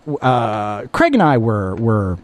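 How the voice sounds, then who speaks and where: A man's voice: on the low side, sing-song, slow pace, dry recording. A male radio host in a studio, joking and bantering playfully with a co-host, often stumbling over his words. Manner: playful, self-mocking, stumbling restarts.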